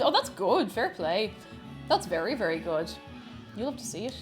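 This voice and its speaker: A woman's voice: a little high, lively intonation, moderate pace. A bubbly woman, her voice bouncing up and down as she chats away to her viewers while baking. She greets people by name and laughs easily, and faint music plays under her. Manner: chatty, greets chat by name, frequent laughter. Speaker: variety streamer. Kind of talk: casual live-stream chat while baking.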